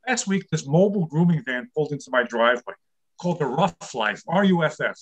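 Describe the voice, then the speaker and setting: A man's voice: fairly high pitch, animated, brisk. An older man performing a stand-up comedy set, telling wry, self-deprecating jokes about his marriage.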